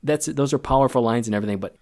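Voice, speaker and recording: A man's voice: mid-range voice, a little mellow. Emotional man on a film podcast. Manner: emotional, halting, choking up. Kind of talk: casual film discussion.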